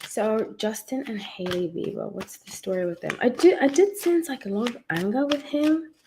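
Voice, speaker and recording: A woman's voice: on the high side, animated, moderate pace, background noise. Chatty woman hosting a tarot livestream. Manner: chatty, greets viewers by name, rambling asides. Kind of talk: casual livestream chat. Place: at home.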